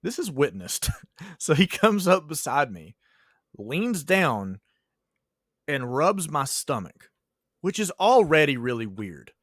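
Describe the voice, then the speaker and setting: A man's voice: a little high, sing-song, takes it slowly, pauses often, a bit bright, no room sound, clean studio sound. A man co-hosting a casual podcast, telling teacher stories in a joking way and laughing often.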